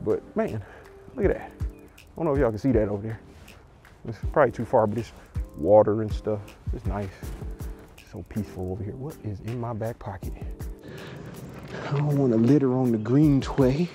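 A man's voice: mid-range voice, normal speed, pauses often, dark tone. A man riding an e-bike outdoors and vlogging as he goes, joking about himself in loose slang. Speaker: moto vlogger. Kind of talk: casual ride vlog. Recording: music playing under outdoor ride audio. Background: background music.

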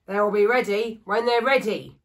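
Female reader voicing a loud barking grumpy old woodcarver, gruff and dismissive. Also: mid-range voice, measured pace, close to an everyday voice.

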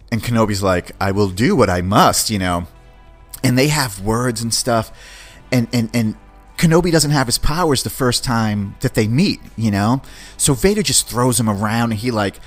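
Enthusiastic man retelling a series. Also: medium pitch. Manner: enthusiastic, acts out quotes, swears. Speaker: podcast host. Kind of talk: casual review and retelling.

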